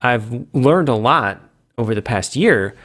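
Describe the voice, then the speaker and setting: In a relaxed solo video chat for his game's community, a man speaks in an animated, unhurried, fairly bright voice. He wanders off topic, catches his own mistakes, coins playful made-up words, and impersonates fans with abrupt pitch leaps.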